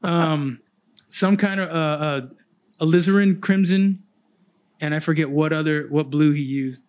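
A man's voice: a little high, a little slow, a little mellow. A man chatting on a podcast as a guest artist, telling rambling, profane stories. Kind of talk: casual chat.

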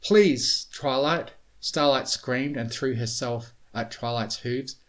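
A man reading a storybook tale aloud in a steady, measured way. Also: mid-range voice. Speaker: reader. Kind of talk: storybook narration of fan fiction.

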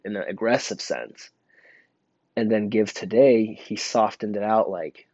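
A man's voice: fairly low pitch, moderate pace, dark tone, no echo. A young man casually telling a rambling personal story about work, full of fillers and restarts. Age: young adult. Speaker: store employee telling a story. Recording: dull lo-fi dry recording.

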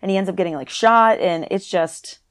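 A woman's voice: lowish voice, a little fast. Woman, podcast co-host, casual, slangy, laughs a lot. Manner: laughs often, slangy, says dude and like. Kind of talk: casual movie review chat.

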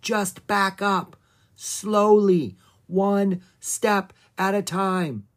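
A reader voicing a cautious, worried young boy giving tense, hushed warnings in a storybook reading. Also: medium pitch, expressive, unhurried, breathy edge, pitched above the performer's own voice. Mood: tense whisper.

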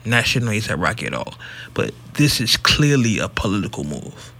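A man with a bright, ringing voice talks on a casual podcast. He is a regular host who speaks bluntly and with emphasis, swearing freely as he gives his opinions. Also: lowish voice, very animated, moderate pace. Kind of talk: casual commentary.

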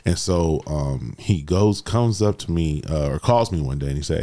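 Man, very deep voice, casual storyteller, animated, keeps saying bro. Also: moderate pace, hardly any pauses. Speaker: guest sharing his life story. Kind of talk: emotional personal storytelling.

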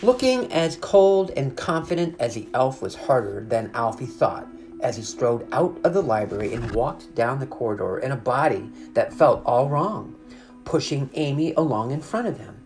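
Very low-voiced woman reading a storybook. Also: moderate pace, faint music behind. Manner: expressive, animated reading.

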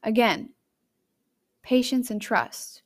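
A young adult woman hosting a podcast, chatty and candid, telling a personal story with emotive jumps in pitch and loudness. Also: slow pace. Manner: chatty and candid, addressing listeners directly. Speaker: podcast host.

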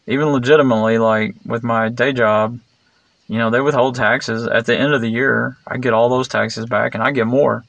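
Male vlogger, gravelly, dry close sound, rambling blunt monologue with fillers. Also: mid-range voice, steady tone, moderate pace, fairly bright tone, no echo. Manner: meandering, digressive, many fillers and restarts; blunt and sarcastic.

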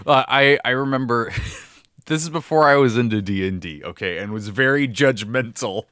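A man's voice: mid-range voice, normal speed, a bit bright, no room sound, clean studio sound. A young man co-hosting a casual podcast chat about tabletop games, laughing often and restarting sentences. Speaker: podcast co-host.

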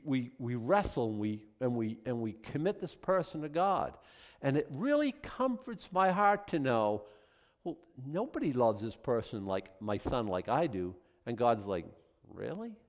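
Lively, animated male preacher. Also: mid-range voice. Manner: animated, acts out voices of God and people. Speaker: pastor. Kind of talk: sermon.

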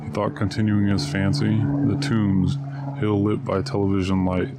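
A man reading a story aloud at a steady, measured pace. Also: fairly low pitch, very noisy. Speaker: narrator. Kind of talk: audiobook reading.

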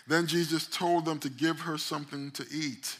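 A man's voice: a little high, fairly even intonation, moderate pace, husky. A man preaching a sermon as pastor, retelling a story dramatically and calling out to the congregation. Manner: dramatic storytelling, acting out quoted lines with sudden loud rises; call-and-response phrases to the congregation. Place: church service.

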